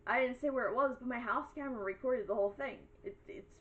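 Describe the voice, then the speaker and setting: A woman's voice: fairly high pitch, quick pace, narrow, tinny audio, slight background noise. A woman vlogger telling a story in a blunt, sarcastic, exasperated rant, rambling through asides. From Italian heritage.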